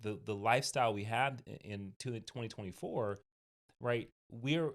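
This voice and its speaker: A man's voice: lowish voice, moderate pace. A man co-hosting a podcast, talking casually with frequent restarts and "right?" tags. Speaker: podcast co-host.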